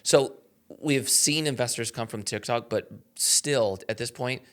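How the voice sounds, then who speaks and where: A man's voice: mid-range voice, a little slow, fairly bright tone. A man hosting a podcast who asks his guest probing questions in a conversational way. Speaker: podcast host. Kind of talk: casual interview chat.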